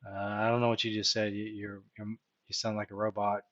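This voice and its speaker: A man hosting a live stream, walking viewers through his reasoning out loud and often checking in with "right?". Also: on the low side, monotone, a little fast, no room sound, muffled recording. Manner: thinks aloud, tags points with "right?". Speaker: live-stream host teaching stock options. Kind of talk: unscripted live-stream walkthrough.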